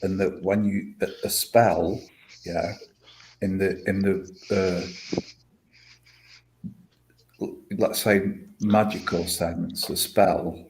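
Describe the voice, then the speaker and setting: A man talks slowly in a low, level voice, rambling and swearing freely as he spins an idea out. His delivery stays unhurried and flat, with a faint hiss under the recording. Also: low-quality recording. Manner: rambling, swears a lot, slow and emphatic. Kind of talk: casual stream chat.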